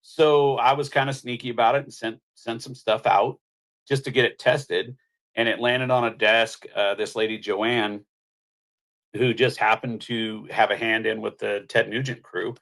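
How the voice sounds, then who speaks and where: Animated middle-aged man telling stories. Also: medium pitch, unhurried, creaky. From Missouri. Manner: animated anecdote-telling, acts out quotes, laughs. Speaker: guest, country singer. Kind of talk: casual storytelling interview.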